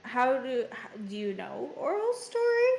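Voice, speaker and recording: High-pitched woman, tabletop game player, chatty, slow-paced. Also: sing-song, creaky, darkish tone, reverberant, faint music behind. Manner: chatty, many "like"s. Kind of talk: casual chat in a tabletop game.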